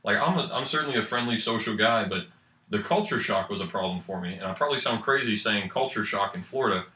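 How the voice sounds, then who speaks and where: Bright-toned young man with a New England accent. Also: on the low side, quick pace. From New Hampshire. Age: young adult. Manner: rambling, animated storyteller with filler likes. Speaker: guest student. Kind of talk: casual radio chat. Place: college radio studio. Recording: roomy, distant mic.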